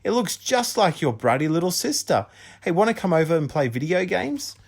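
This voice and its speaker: An excited, chirpy young schoolboy in a storybook reading, as a man puts him on. His voice jumps up very high and loud with eager enthusiasm. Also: normal speed, gravelly, exaggerated voice. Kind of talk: audiobook character voice.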